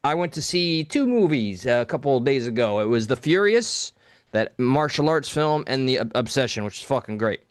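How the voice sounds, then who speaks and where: A man co-hosting a live call-in talk show, telling a story in a blunt, profane, animated way. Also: medium pitch, moderate pace, dry recording, clean studio sound. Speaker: podcast co-host.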